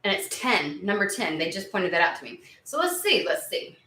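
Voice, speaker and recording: Bright, excitable woman reading tarot. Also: mid-range voice, moderate pace, roomy sound, a little hiss or hum, rough recording. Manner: chatty and excitable, swears freely, many fillers. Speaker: tarot reader. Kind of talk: casual tarot reading to camera.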